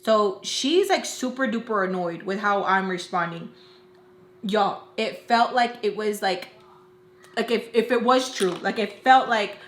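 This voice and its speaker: In an echoey room at home, a young vlogger recounts a dramatic personal story while putting on makeup, her medium-pitched voice carrying slight background noise. Her chatty telling is full of fillers like "like," and she brings the other people to life with animated impressions.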